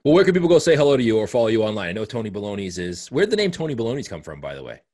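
Man, podcast host, lively up-and-down voice, low pitch, eager questions. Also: very fast. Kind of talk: casual interview chat.

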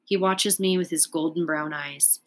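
A woman reading a children's book aloud in a calm, unhurried way. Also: deep voice. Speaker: storyteller.

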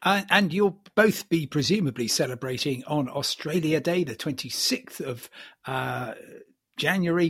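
A man's voice: mid-range voice, fairly bright tone, husky. A man hosting a travel podcast, genial and informative, with the odd um. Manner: genial and informative, with some fillers. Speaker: podcast host. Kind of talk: casual chat.

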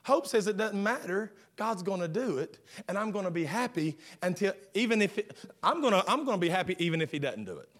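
A male pastor preaching a sermon, swinging from fervent shouting to hushed lines, often repeating words as he restarts. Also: sits high, sing-song, a little fast, few pauses.

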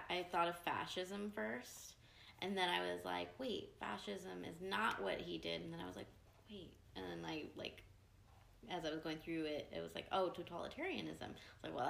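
A woman's voice: fairly low pitch, normal speed, gravelly, fairly bright tone. A young woman co-hosting a podcast, chatting casually and reading quiz questions with a laugh. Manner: laughing, playful quizmaster. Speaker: podcast co-host. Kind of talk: casual chat. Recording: echoey room, faint hiss.

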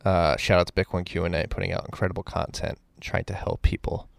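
A man's voice: low-pitched, level tone, creaky, no room sound. A man hosting a podcast, talking bluntly and casually, wrapping up the show. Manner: blunt, profane, brisk sign-off host. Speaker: podcast host. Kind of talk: casual chat.

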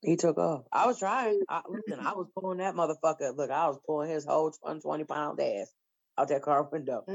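Woman, low voice, blunt and profane, casual storytelling, slightly muffled recording. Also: fairly quick, gravelly, slightly rough. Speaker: storyteller in group chat. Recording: slightly dull lo-fi sound.

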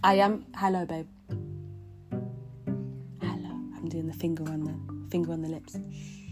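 Her voice sits low and keeps a steady tone at normal speed. In a reflective vlog monologue set to guitar music, this young woman earnestly rambles about her feelings, with plenty of restarts and fillers.

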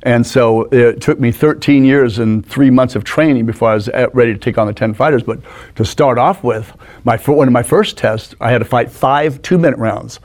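A man in his sixties telling animated stories as a guest in a studio interview, acting out the people in them. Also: medium pitch, moderate pace. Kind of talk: anecdotal storytelling.

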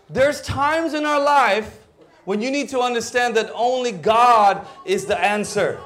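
A man with a Filipino accent preaching a sermon, animated, mixing in Cebuano words and acting out voices, sometimes dropping to a hush. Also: very high-pitched, a little slow. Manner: animated, acts out quoted voices, sudden drops to near-whisper.

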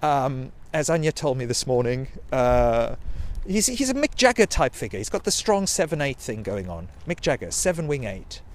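A man's voice: mid-range voice, sing-song, normal speed, hardly any pauses. A man, telling a rambling personal story in a sweary, self-mocking way. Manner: sweary, self-mocking, digressive, with quoted put-on voices.

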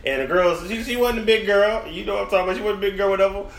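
A man's voice: sits high, rapid-fire, vocal fry. A man hosting a podcast, telling crude stories in casual chat and laughing as he goes. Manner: brash, crude, laughing storyteller. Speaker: podcast host. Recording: roomy echo.

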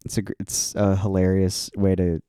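A man's voice: deep voice, completely flat delivery, moderate pace, warm tone, clear, resonant tone, no echo, studio quality. A man hosting a podcast in casual chat, swearing often and laughing easily in a playful way. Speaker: podcast host.

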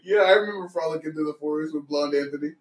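A man's voice: on the high side, very fast. A young man co-hosting a podcast, joking and playful in casual chat. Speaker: podcast co-host. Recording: roomy, distant from mic.

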